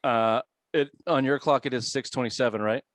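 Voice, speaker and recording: A man's voice: medium pitch, steady tone, a little fast, heavy background noise. A man hosting a casual sports podcast, joking, laughing and swearing freely.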